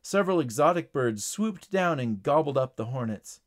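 A man narrating a short storybook reading in a steady, plain storytelling way. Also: a little high, moderate pace.

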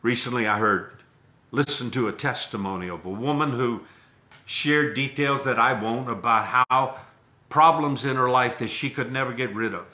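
A pastor at the pulpit delivers his sermon with a bright, forceful tone. He preaches dramatically, stretching words slowly and then rushing ahead, booming and then falling to a hush. The sound rings around an echoey church room. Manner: dramatic preaching with wide swings in loudness and pace.

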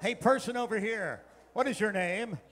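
A man's voice: high voice, moderate pace, a bit bright, a faint crowd. A man giving a keynote talk to a live audience, playfully coaxing them to join in. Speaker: keynote speaker. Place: conference hall with a live audience.

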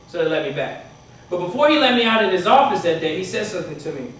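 In a university hall, a male motivational speaker tells students a story in a chatty manner, often asking "right?", his high-pitched voice very animated, fast, and a bit bright. The sound comes from far off in an echoey hall, with slight background noise.

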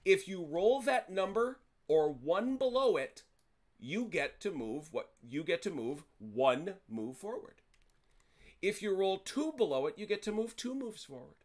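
A man's voice: high voice, big pitch swings, measured pace. A man hosting a tabletop wargame, walking his players through the rules in a chatty way, often correcting himself mid-sentence and dropping wry jokes. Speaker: wargame host explaining rules. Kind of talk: casual rules explanation to players.

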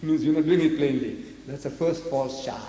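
A South African man giving a public lecture, animated, throwing rhetorical questions at the audience. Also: mid-range voice, moderate pace. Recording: echoey hall with faint noise, archive lecture.

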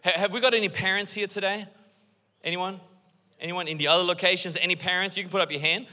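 A middle-aged man preaching a sermon as pastor in a church, animated and by turns joking and earnest. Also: high voice, fast. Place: church auditorium. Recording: long reverb of a large hall.

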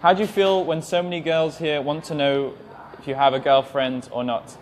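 A man's voice: fairly high pitch, fairly even intonation, a little hiss or hum. A man in his twenties with an English accent, an English teacher reading out viewer questions in a live-stream Q&A and answering with many ums. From England. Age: 20s. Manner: hesitant, with many ums, speaks slowly and carefully. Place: language school.

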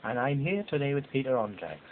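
A man's voice: medium pitch, sing-song, fairly quick, natural voice. A man voicing a chirpy female TV interviewer who keeps prying. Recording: tinny lo-fi home recording with hiss.

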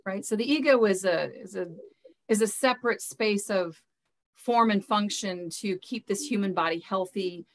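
A woman's voice: medium pitch, moderate pace, low-quality recording. A woman speaking as a spiritual mentor in an interview, earnest and loose, often repeating words as she searches for how to put things. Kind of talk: casual interview talk.

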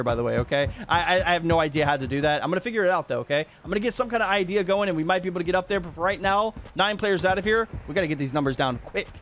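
A man giving excited, laughing commentary over his own gameplay as a video host, jumping between shouting and muttering. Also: high-pitched, slight background noise. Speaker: gaming YouTuber.

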